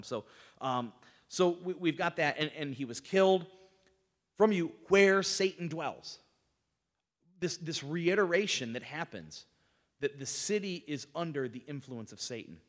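Man teaching a Bible class in an echoing hall. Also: a little high. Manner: conversational, asks the group questions, retells scenes with lively voiced quotes.

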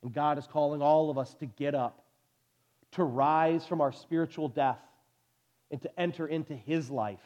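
A pastor in his forties preaching a sermon in a church, telling stories with animated energy and then dropping to soft, intense delivery. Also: on the high side, moderate pace, dull audio. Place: church sanctuary.

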